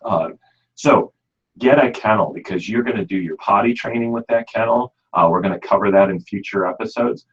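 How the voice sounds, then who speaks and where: A man's voice: on the low side, fairly quick, husky. A man with a Midwestern American accent hosting a pet radio show, chatting folksily and leaning on "you know.". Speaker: radio show host, pet store expert. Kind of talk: casual radio talk. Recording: dull lo-fi radio audio.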